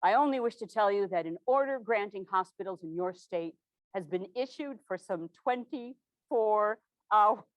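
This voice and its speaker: A woman voicing a kindly, teasing 1860s president in a gentle, wry, lowered voice. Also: expressive, moderate pace, no echo, natural voice.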